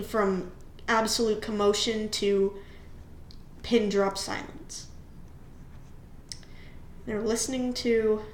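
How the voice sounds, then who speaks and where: A woman's voice: mid-range voice, a bit bright. A woman hosting a casual storytime while coloring, chatty and rambling, often correcting herself mid-sentence. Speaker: channel host. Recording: roomy echo with faint hiss.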